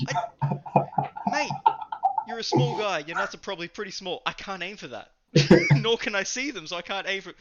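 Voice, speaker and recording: A man co-hosting a podcast, telling a story in a casual, animated way, swearing freely and acting out what people said. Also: high-pitched, normal speed, highs cut off, music in the background. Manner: animated, swearing, acts out quotes. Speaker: podcast co-host.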